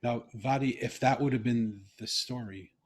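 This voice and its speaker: Middle-aged guy on a video call, husky voice, earnest storyteller. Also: mid-range voice, normal speed. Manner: earnest storytelling, animated when quoting himself. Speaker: interview host.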